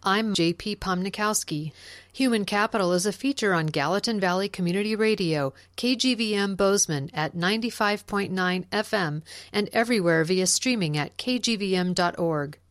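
A woman hosting a radio news feature, reading a script in a crisp, even way. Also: medium pitch, normal speed.

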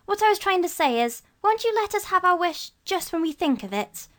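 A woman's voice: on the high side, animated, moderate pace, voice pushed up. A woman reading aloud and voicing a crafty, impatient young boy in a storybook. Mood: eager. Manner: eager and impatient.

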